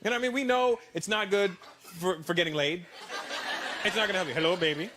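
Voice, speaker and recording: A man from Canada doing a stand-up comedy routine on a stage, animated and switching into mimicked accents. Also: sits high, quick pace. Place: large theater stage with audience laughter. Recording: loud background noise.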